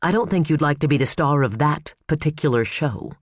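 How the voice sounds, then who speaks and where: A man voicing a sharp, fierce female prosecutor with a curt, cutting manner, in an audiobook. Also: a little high, fairly quick, no room sound, studio quality, close to an everyday voice. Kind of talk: audiobook character voice.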